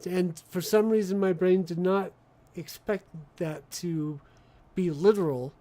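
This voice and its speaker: A man chats casually while streaming a video game. He thinks aloud and rambles, often restarting his sentences. His voice is mellow and relaxed, and sits a little high for a man. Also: unhurried. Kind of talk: casual gameplay chat.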